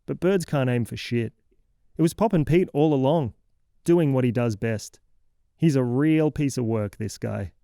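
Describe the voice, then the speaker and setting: Man voicing a sarcastic, theatrical scold lecturing a kid, mellow dark tone, dry close sound. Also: fairly high pitch, dry recording, natural voice. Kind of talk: comic horror audio fiction monologue.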